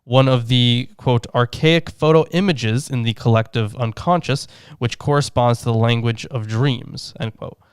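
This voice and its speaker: Podcast cohost dude, smooth clear voice, dry mic, jokey and swears a lot. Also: male voice, medium pitch, moderate pace, hardly any pauses, no room sound. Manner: joking, profane asides, reads scholarly notes. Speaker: podcast co-host. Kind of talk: casual chat and reading commentary.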